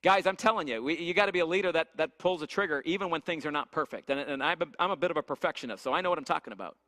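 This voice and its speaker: In an echoey church hall with long reverb, a man teaches a church leadership seminar, telling stories and firing questions at the audience with lots of energy. His voice sits on the high side and comes out rapid-fire, pushed and bright.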